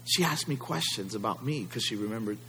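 A man's voice: on the low side, lively intonation, a little fast, sharp tone, a little hiss or hum. A male pastor preaching a sermon, emphatic and fond of rhetorical questions to the congregation.

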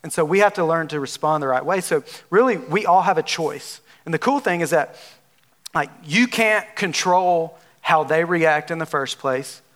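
Southern guy from alabama preaching, drawl, kinda high voice, talks real casual like chatting with folks. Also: normal speed, fairly bright tone. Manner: conversational, folksy, with frequent fillers like "like" and "you know". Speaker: pastor. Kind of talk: sermon.

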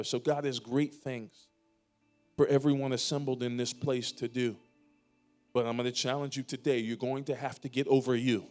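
A man pastor preaches from the stage of a church sanctuary, his voice sitting in an ordinary middle register. He swings between emphatic, louder declarations and hushed, slowed pleas to the congregation. Soft music plays faintly behind him. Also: medium pitch, flat delivery. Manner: preaching with emphatic swells and quiet, drawn-out pleas. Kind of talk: sermon.

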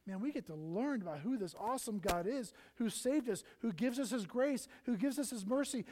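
With an extremely high, expressive voice, a pastor preaches a little fast and with few pauses, earnest throughout. His volume surges and then falls almost to a hush while he brings prayers and Bible figures to life.

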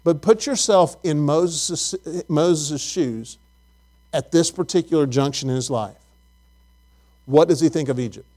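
Guy with a high voice teaching a bible lesson, keeps asking the room questions, stumbles and repeats himself. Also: unhurried, mellow. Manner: asks the listeners questions, repeats words often. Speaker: preacher.

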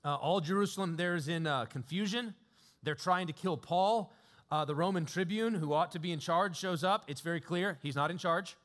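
A man preaches a sermon in a relaxed, conversational storytelling style, chuckling often and using lots of fillers. His voice sits high, at a moderate pace.

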